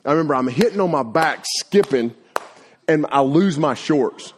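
A man preaching a sermon to young people, telling homespun stories in a folksy, animated way full of filler words. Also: a little high, moderate pace, a faint crowd, a little hiss or hum. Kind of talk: sermon with personal storytelling.

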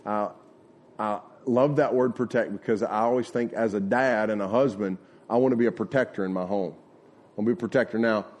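A man's voice: on the low side, steady tone, brisk, a little mellow. A middle-aged man, preaching a sermon in a folksy, conversational way and acting out retold conversations. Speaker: pastor. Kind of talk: sermon with personal storytelling.

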